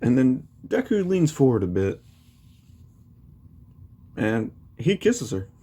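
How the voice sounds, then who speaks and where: A man's voice: mid-range voice, very animated, slow pace, warm tone, husky. A man casually retelling a fan story, rambling with many fillers.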